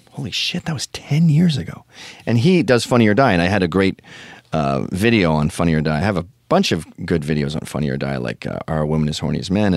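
A man's voice: a bass voice, vocal fry, darkish tone, dry recording, studio quality. Rambling, profane male podcast host. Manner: rambling and profane, full of tangents. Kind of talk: casual comedic storytelling.

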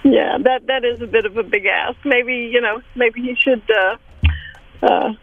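A woman's voice: a little high, measured pace, soft background music. A woman calling in to a radio phone-in, talking casually and hesitantly with fillers. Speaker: caller. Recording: tinny dry phone line.

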